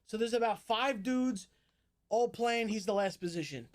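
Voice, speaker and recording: High-voiced young man telling a wild story. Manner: animated, swears a lot, jumps between fast narration and loud outbursts. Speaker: streamer. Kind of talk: casual storytelling to a live stream audience.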